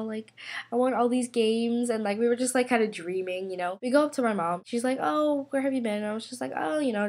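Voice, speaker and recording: A young woman vlogging in a casual, bubbly, gushing way, full of fillers. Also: medium pitch. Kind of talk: casual chat to camera.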